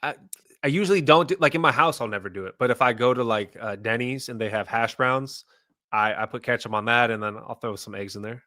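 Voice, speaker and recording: A young man co-hosting a podcast, chatting casually and a little self-consciously. His volume jumps between loud bursts and mumbles. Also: medium pitch, brisk, no room sound, clean studio sound. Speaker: podcast co-host. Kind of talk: casual chat.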